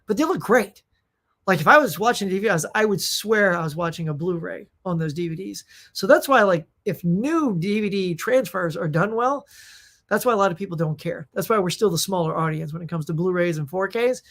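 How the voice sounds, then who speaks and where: A middle-aged woman hosting a casual live Q&A, telling rambling, animated stories with many fillers while losing her voice. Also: fairly low pitch, fairly quick. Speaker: host.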